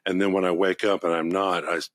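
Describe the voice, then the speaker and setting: A man hosting a wine podcast in casual chat, an enthusiastic, rambling storyteller who gets excited about his subject. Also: low-pitched, brisk, no echo. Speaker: wine shop podcast host.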